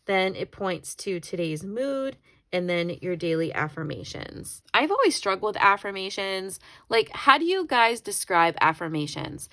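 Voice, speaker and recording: A woman with a mid-range, fairly bright voice speaks in a sing-song, slightly slow way as she flips through her planner. This planner YouTuber chats and rambles casually, correcting herself along the way, and becomes briefly tearful.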